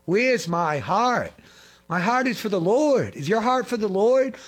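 A middle-aged man preaching a fervent sermon, repeating phrases and swinging between loud and hushed. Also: sits high, lively intonation, normal speed. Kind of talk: impassioned sermon.

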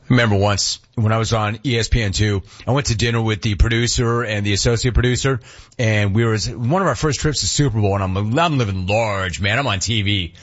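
A man hosting a talk radio show, telling animated stories and taking calls in a casual, joking way. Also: lowish voice, dull audio. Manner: animated storytelling, laughs at clips.

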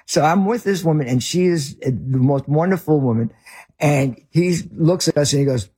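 A middle-aged man with a Northern US accent, a ministry leader telling a story as a guest in an interview, earnest and halting with many restarts. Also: a little high, dark tone, husky.

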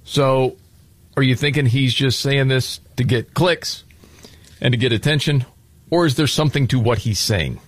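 A man's voice: medium pitch, moderate pace, no room sound. A man hosting a talk radio show, chatting casually and leaning hard on key words.

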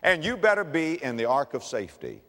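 A man preaching an evangelistic sermon, pleading and building emphatically to loud exhortation. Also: on the high side, big pitch swings, brisk, in a large hall.

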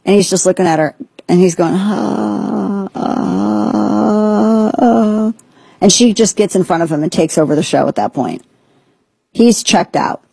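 A woman's voice: lowish voice, expressive, a little fast, darkish tone, slightly rough, no echo. A woman hosting a political commentary show, talking in an indignant, sarcastic, emphatic way. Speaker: host.

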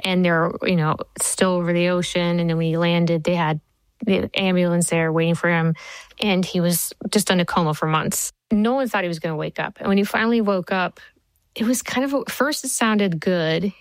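A woman in her forties, a TV writer being interviewed, telling stories in a lively way and laughing easily. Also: on the low side, normal speed, clean tone, no room sound, rough recording. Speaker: TV writer and showrunner, interview guest. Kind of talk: conversational interview answers.

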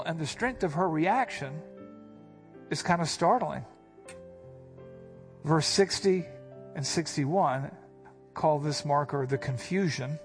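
A man delivering an expository sermon in a somewhat high voice. He walks through the passage point by point, and he hits the quoted lines with sudden emphasis. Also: animated, a little slow, creaky, long pauses, soft background music. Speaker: pastor.

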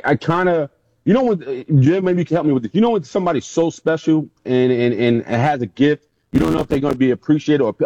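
A man, a former pro football player, recounts locker-room stories as an interview guest. His voice is mellow and dark, with a dry, dull lo-fi sound. He tells them with energy and acts out what others said. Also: medium pitch, no echo. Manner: animated storyteller, acts out quotes. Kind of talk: casual interview storytelling.

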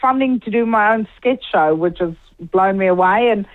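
A middle-aged woman with a mixed South African and New Zealand accent, chatting on a radio interview as a comedian guest, laughing often and telling quick anecdotes. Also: medium pitch, phone-quality sound.

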